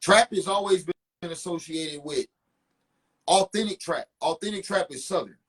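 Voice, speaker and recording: A man with a somewhat raspy voice and a pitch a little above most men, talking hip-hop as a podcast guest. He talks with emphatic energy, circling back over his words as he builds a point. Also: moderate pace. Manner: animated, emphatic, repeats himself. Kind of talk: casual hip-hop talk.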